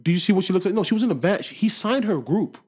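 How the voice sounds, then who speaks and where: Animated young man in slangy chat. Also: very fast, slightly rough. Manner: animated, slangy, swings from loud to low. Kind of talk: casual chat.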